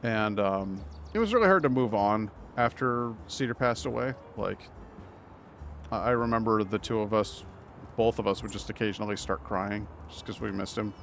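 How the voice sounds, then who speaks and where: A man's voice: lowish voice, moderate pace, vocal fry, a little hiss or hum. Chatty man streaming a game. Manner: rambling, warm storytelling with frequent restarts. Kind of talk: casual live-stream chat.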